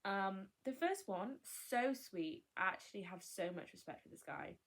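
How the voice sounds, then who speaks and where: A woman's voice: medium pitch, lively intonation, normal speed, creaky. A young woman vlogger chatting candidly, rambling and cutting herself off with laughs. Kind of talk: casual chat.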